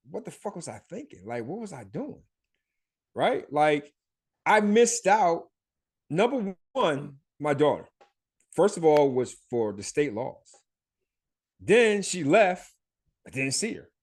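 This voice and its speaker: Laughing, profane man telling stories. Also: fairly high pitch. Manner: loose and profane, laughs often, many fillers. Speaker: podcast host. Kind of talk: casual storytelling.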